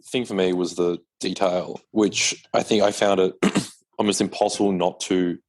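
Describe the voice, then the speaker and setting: A man's voice: low voice, steady tone, normal speed. A man on a podcast explaining his view at length in a rambling, stop-start way. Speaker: podcast panelist. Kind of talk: casual book discussion.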